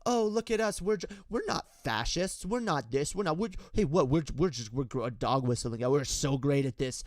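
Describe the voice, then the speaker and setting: A man's voice: a little high, lively intonation, moderate pace, a little mellow, no echo, clean studio sound, voice pushed down, lightly acted. A man putting on a defensive, whiny right-wing man who sputters mock-outraged denials. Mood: mock indignant. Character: indignant adult male right-winger, defensive, whiny.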